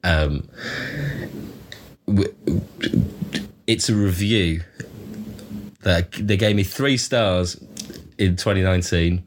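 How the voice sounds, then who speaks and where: A man's voice: low-pitched, slow, long pauses, noisy background. A man, a comedian and poet, guesting on a podcast and chatting in a playful, self-mocking way with frequent laughs. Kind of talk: casual podcast chat.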